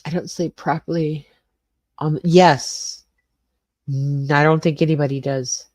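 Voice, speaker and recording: Low-voiced older woman chatting on a livestream. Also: fairly even intonation, a little slow, darkish tone, no echo, studio quality. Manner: chatty, greets viewers by name, rambling. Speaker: livestream host. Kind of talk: casual livestream chat with viewers. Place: small garage suite with cement floor.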